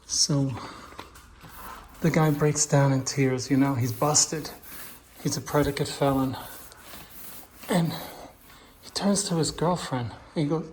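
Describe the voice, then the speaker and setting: A middle-aged man installing wallpaper, chatting casually and dropping into hushed asides as he works. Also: mid-range voice, slight background noise. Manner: chatty, drifts into hushed asides while working. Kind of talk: casual how-to chat while working. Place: room being wallpapered.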